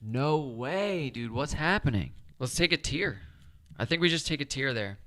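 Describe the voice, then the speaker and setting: A man's voice: medium pitch, lively intonation, moderate pace, pushed and bright, no echo. A man talking himself through a solo board game playthrough, chatty and upbeat as he explains each move.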